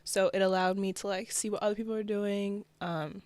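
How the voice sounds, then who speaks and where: A woman's voice: mid-range voice, steady tone, a little fast, darkish tone, clean tone, no room sound. A young woman from New Jersey, a fashion designer, talking as a guest in a casual interview, chatty and upbeat with lots of "like" and "you know".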